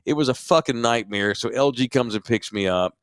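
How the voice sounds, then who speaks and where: A man hosting a talk show, telling a story in an animated, profane and self-mocking way. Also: mid-range voice, brisk, clear, resonant tone, dry recording, clean studio sound. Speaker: podcast host. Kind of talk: casual storytelling.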